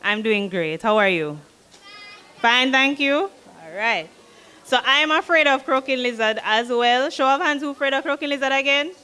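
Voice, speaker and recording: A woman's voice: high-pitched, lively intonation, normal speed, pushed and bright, clear, resonant tone. A woman, a guest reader, chatting playfully with children before reading a storybook aloud.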